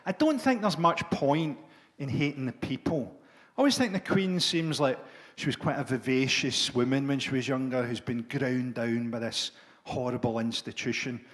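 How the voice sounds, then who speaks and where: A middle-aged man doing a dark, sardonic stand-up set, swearing freely. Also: mid-range voice, normal speed. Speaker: stand-up comedian.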